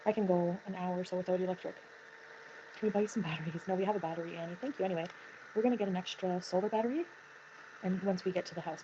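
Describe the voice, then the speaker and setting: A woman chatting casually on a livestream, greeting viewers by name as she talks. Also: lowish voice. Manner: chatty, reads chat names aloud. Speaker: livestream guest. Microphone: home mic with a fan humming. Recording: lo-fi with loud fan noise.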